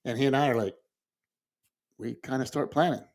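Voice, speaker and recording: A grieving man talks through a recent loss in a casual conversation. He speaks at an ordinary middle pitch, halting and restarting as he goes and breaking into soft laughs now and then. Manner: halting, with restarts and soft laughs while telling a personal story. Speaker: podcast co-host.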